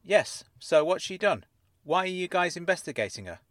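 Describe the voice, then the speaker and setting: A man voicing a sharp-tongued middle-aged woman fraudster who speaks in a measured, wry way. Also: sits high, sing-song, no room sound, clean studio sound, pitched above the performer's own voice. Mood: guarded.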